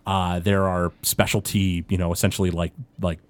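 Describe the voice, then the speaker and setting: A man voicing a poised, ambitious female councilwoman who speaks in a halting way, with lots of fillers. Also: sits low, flat delivery, no room sound, voice pushed down, lightly acted. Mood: evasive.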